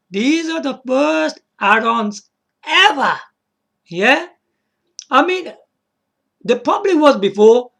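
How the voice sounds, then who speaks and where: With a very high-pitched, slightly rough and a bit bright voice, a man talks casually through a solo video game vlog. He rambles and repeats words, checks in on the viewer, chuckles to himself and apologizes.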